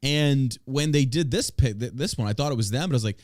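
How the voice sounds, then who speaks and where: A man's voice: medium pitch, quick pace, a little mellow, no room sound, studio quality. A man hosting a podcast in casual chat, blunt and opinionated, with crude banter. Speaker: podcast host.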